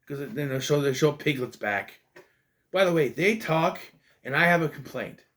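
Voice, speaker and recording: A man's voice: on the high side, moderate pace, fairly bright tone. A man giving a casual spoken movie review, ranting in an exasperated way, swearing and rambling with restarts and stammers.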